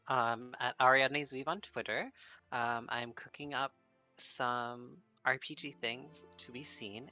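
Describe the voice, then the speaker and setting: Woman, hesitant player with giggles, slow speech, bright tone. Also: a bass voice. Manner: hesitant, many ums, giggly. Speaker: tabletop game player. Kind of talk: casual post-game chat.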